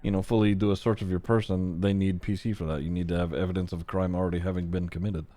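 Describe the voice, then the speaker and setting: A man with a low, deep voice talks in casual in-character roleplay chat. He explains things in a laid-back way, with lots of fillers. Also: little pitch movement, fast, dark tone.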